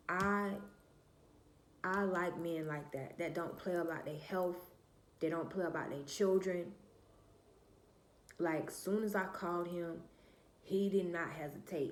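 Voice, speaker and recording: A woman's voice: sits low, gravelly, slight background noise. Blunt woman telling her story, roomy echo. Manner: candid and blunt, swears freely, addresses viewers as y'all; emphatic, repeats herself and trails off with "da, da, da". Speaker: vlogger telling a personal story. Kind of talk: casual storytime monologue.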